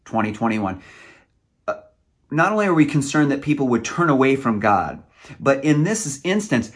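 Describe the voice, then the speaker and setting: A man preaching a sermon, earnest and emotional, sometimes stumbling over his words. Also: medium pitch.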